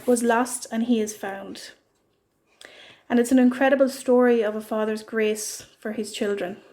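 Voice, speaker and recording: A woman giving a short devotional church message, retelling a parable in an earnest, gentle way. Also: a little high. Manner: earnest storytelling. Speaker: church speaker.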